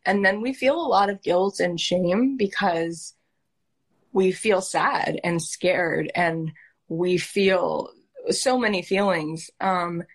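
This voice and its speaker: A woman's voice: fairly low pitch, slow. A woman hosting as a life coach, talking earnestly and emotionally in a heartfelt coaching conversation. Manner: earnest, emotional, animated storytelling.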